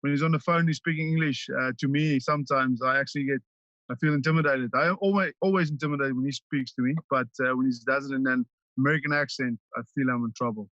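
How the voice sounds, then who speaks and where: A South African man whose first language is Afrikaans chats as a rugby player guest, halting often with ums and restarts. His voice comes through a dull, lo-fi line in a dry, close space. He speaks at a middle pitch. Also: fairly even intonation, a bit bright, dry recording. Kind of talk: casual interview chat.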